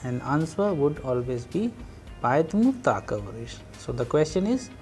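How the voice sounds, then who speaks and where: Male language teacher, mid-range voice, warm and unhurried, walks students through phrases. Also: medium pitch, big pitch swings, faint music behind. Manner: slow, explanatory, translating phrase by phrase. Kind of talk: recorded language lecture.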